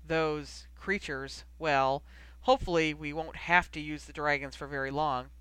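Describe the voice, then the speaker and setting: Tired gruff guy, narrator putting him on, low and rough. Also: steady tone, measured pace, bright, forceful tone, no echo. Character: gruff, weary older man.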